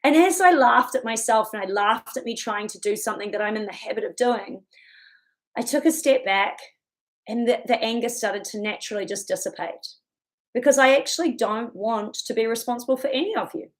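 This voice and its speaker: A woman's voice: on the high side, fairly quick. A woman giving a chatty motivational talk, laughing often as she goes. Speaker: self-help speaker.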